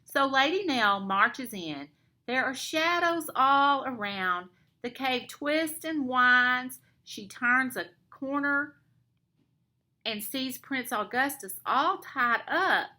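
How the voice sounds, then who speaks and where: An elementary school teacher reads a picture book aloud in expressive storytime style. Her bright, high voice rises and falls very lively, and she takes her time, drawing out each line slowly for young listeners.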